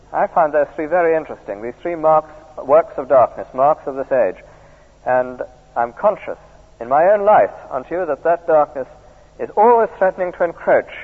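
A middle-aged preacher giving a sermon, often drawing listeners in with tag questions like "isn't it". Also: male voice, medium pitch, husky. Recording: tinny archive recording in a reverberant church.

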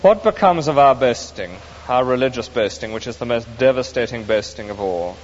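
A man's voice: mid-range voice, lively intonation, fairly quick. A man preaching an earnest, emphatic sermon, explaining scripture to his congregation. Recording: dull echoey hall recording with faint hiss.

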